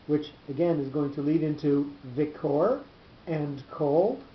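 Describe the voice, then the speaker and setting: A man teaching a small class, explaining a text in a measured, halting way and often repeating words as he thinks. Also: on the high side. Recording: roomy, dull lo-fi class recording with faint noise.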